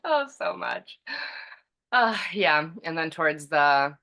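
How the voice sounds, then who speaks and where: A woman's voice: low-pitched, big pitch swings, takes it slowly, bright, forceful tone. A young adult woman from California, a podcast guest telling a personal story casually, chatty with many fillers and frequent laughs.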